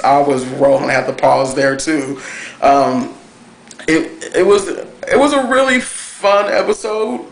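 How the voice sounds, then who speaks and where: A man reviewing a cartoon episode on camera, talking in a gushing, excitable way with plenty of fillers. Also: medium pitch, measured pace, gravelly. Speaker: TV review vlogger. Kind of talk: casual chat review. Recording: echoey room.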